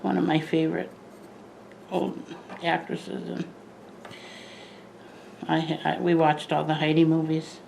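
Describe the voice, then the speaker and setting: An older woman with a lowish, gravelly voice talks to the camera indoors at home. Her chat is rambling and friendly, full of side stories and self-corrections. She sounds like a plant vlogger talking her viewers through her work. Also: level tone, slow pace, long pauses, a little mellow, slight background noise, low-quality recording.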